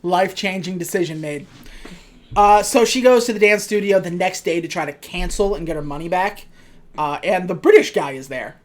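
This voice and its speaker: A woman's voice: lowish voice, normal speed. A woman co-hosting a podcast, recapping a movie in casual chat with dry, sarcastic asides. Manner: recounts scenes by acting out quoted lines.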